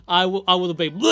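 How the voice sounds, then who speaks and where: A man's voice: a little high, a bit bright. A young adult man giving a casual spoken TV episode review, talking loosely, swearing a lot and laughing often. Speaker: TV show reviewer.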